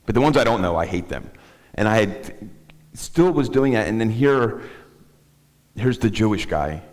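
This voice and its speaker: Deep-voiced middle-aged man telling his story from the bimah, candid and self-mocking, with a long sanctuary echo. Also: expressive, moderate pace, a little mellow. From South Philadelphia. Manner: candid, rambling storyteller with self-deprecating humor. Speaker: guest speaker. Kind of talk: personal testimony talk. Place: synagogue sanctuary.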